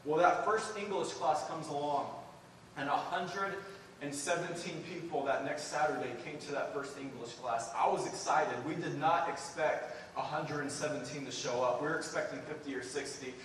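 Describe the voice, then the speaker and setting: A man preaching a sermon and telling a mission story, speaking earnestly and building to excited emphasis as he addresses the church. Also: a little high, normal speed, slight background noise. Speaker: preacher sharing a mission report. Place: church sanctuary. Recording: echoey hall, distant mic.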